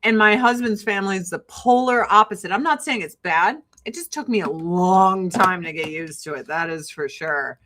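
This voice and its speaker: A woman's voice: medium pitch, moderate pace, hardly any pauses, a bit bright, low-quality recording. A middle-aged woman from Illinois with a Chicago-area Midwestern accent, chatting casually and profanely as a livestream host, laughing often and mimicking people. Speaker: livestream host selling skincare. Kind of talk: casual rambling chat.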